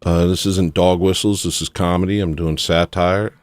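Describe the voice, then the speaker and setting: A man with a low voice hosts a livestream. He talks in a loose, rambling, sarcastic way and brushes off his critics. His voice sounds dry and close. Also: fairly even intonation, normal speed, dry recording. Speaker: livestream host. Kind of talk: casual livestream rant.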